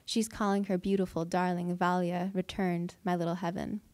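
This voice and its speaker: A woman, a fiction writer, reading her own prose aloud at an event with measured, deliberate delivery. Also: lowish voice, little pitch movement, a little mellow, dry recording. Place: event hall.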